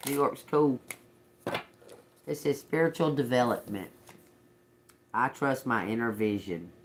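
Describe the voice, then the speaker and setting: A man's voice: mid-range voice, animated, a little slow. A man giving a loose, casual tarot reading on a livestream, speaking straight to his audience in a conversational way. He laughs often between thoughts and turns blunt and profane when he answers commenters. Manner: chatty, talks straight to viewers, laughs often; swears, snaps back at chat commenters. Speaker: tarot reader, livestream host.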